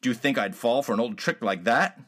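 A man's voice: medium pitch, expressive, fairly quick, a bit bright. A man voicing a cunning male spy villain who talks in a smug, menacing way.

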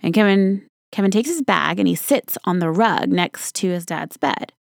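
Woman storyteller, gravelly edge, conversational, talks straight to the listener, dry sound. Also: fairly low pitch, moderate pace, dry recording. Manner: conversational, casual swearing, addresses listener directly. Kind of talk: storytelling monologue.

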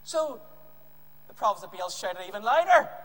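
Animated male preacher telling a story. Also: high voice, normal speed. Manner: lively storytelling, acting out scenes. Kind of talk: animated children's Bible story. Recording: reverberant hall with faint noise.

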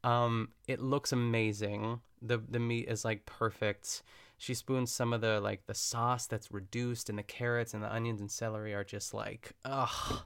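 A man's voice: medium pitch, little pitch movement, a little slow, fairly bright tone, smooth. A man hosting a podcast, recapping a cooking show in a casual, meandering chat full of "like" and wry asides.

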